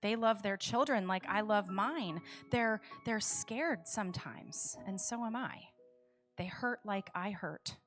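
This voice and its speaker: A woman giving voice to a gentle, caring woman who speaks softly and slowly to reassure others. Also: mid-range voice, soft background music. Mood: earnest.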